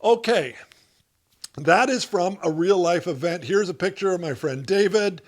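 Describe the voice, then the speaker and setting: High-voiced man teaching comedy writing. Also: animated, a little slow, slight background noise. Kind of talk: instructional talk to camera.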